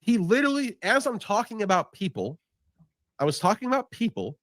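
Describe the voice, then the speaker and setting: A man reacting to a call he was on, animated and exasperated, replaying clips. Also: high voice, a little fast, no room sound, clean studio sound. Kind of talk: casual reaction chat.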